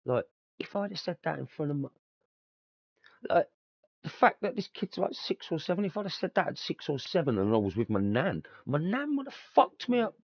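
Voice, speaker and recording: A man's voice: on the high side, expressive, brisk, vocal fry, no room sound. A young man, telling stories in casual chat, swearing freely and dropping slang like mate and bruv. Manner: swearing, storytelling, laughs often, uses slang like bruv and mate. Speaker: podcast host.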